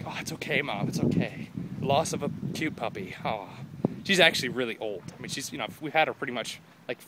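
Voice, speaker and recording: A man's voice: medium pitch, background noise. A young man talking to a phone camera held at arm's length while walking outdoors through a neighborhood, rambling and joking casually. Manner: rambling, jokey, with mock quoted voices. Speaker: vlogger. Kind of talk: casual vlog chat.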